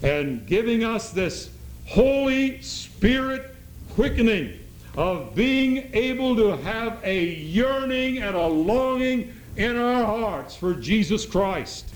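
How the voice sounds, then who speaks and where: Earnest guy preaching a sermon, slow and deliberate, bit of a higher voice, faint hiss behind. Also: poor audio. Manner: earnest, reads scripture aloud with slow emphasis.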